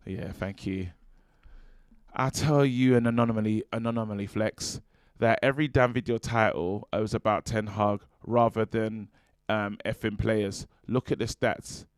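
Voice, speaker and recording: A man's voice: on the low side, flat delivery, normal speed, clean tone, no room sound, studio quality. A man co-hosting a football fan show, reading viewer comments in a jokey, stumbling way with many fillers. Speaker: fan channel co-host.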